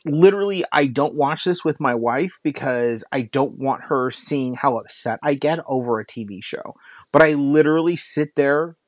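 A man's voice: on the high side, no room sound. A man co-hosting a podcast in casual chat, ranting and swearing, peppering his speech with "like". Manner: ranting, frequent swearing and filler "like". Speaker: podcast co-host.

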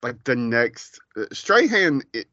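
A man's voice: mid-range voice, big pitch swings, takes it slowly, sharp tone, dry recording, lo-fi sound. A man co-hosting a podcast, speaking in a hesitant casual way that often trails off. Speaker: podcast co-host. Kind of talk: casual chat.

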